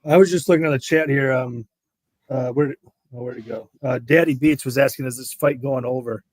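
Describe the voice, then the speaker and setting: A man's voice: mid-range voice, a little fast, a little mellow, dry recording, poor audio. A man co-hosting a casual betting chat, hesitant and full of restarts. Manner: hesitant, many ums and restarts. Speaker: betting show co-host. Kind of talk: casual group chat on a live stream.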